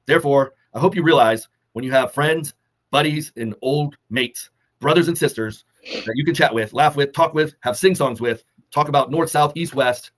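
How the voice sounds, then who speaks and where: A man co-hosting a fitness talk, delivering earnest, measured motivational advice and holding back emotion. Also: fairly high pitch. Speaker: co-host of a fitness summit talk.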